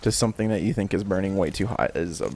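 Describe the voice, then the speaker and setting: A young man narrating a personal story in a casual vlog, swearing a lot and breaking into panicked shouts while he acts out the memory. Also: low voice, racing. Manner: swearing, screams in acted-out panic. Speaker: storytelling vlogger.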